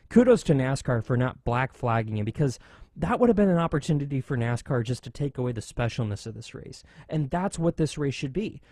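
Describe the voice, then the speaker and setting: A man's voice: fairly high pitch, dry recording, studio quality. A man hosting a motorsports talk radio show, chatting casually and animatedly with lots of fillers and restarts. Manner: animated, rambling with frequent fillers.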